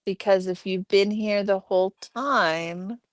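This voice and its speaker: Woman chatting slow on her home livestream, smooth clear voice, dry close mic. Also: mid-range voice, no echo. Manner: chatty, talks to chat viewers and her pets by name. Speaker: livestream host. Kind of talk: casual chat reading viewer comments.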